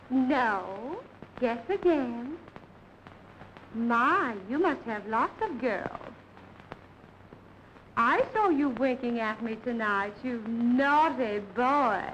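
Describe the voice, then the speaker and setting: An actress playing a wisecracking young showgirl, brassy and quick, in 1930s film dialogue. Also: on the high side, a little hiss or hum, lightly acted, low-quality recording.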